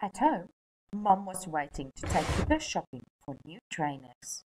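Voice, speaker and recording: A woman teacher from South Africa reads a children's story aloud, slowly and with expression. Her pitch moves a lot, her voice is a little husky, and she sits on the low side. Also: noisy background. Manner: slow, expressive and encouraging.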